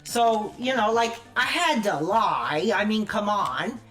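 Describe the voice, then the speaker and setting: A man ranting angrily on a livestream, profane and shouting at times. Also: high-pitched, lively intonation, slow pace, soft background music. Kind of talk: angry livestream rant.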